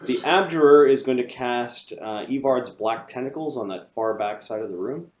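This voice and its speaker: A man narrating as game master of a tabletop game at a table with players, pausing often with ums and restarts. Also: medium pitch, roomy sound, dull audio. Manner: halting, frequent restarts and ums. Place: room with several players around a table.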